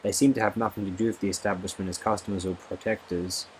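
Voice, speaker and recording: A man narrates a novel in a steady, expressive storytelling voice. His pitch sits on the low side, and a faint hiss of noise runs under the recording. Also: fast, poor audio. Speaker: audiobook narrator. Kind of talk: audiobook narration.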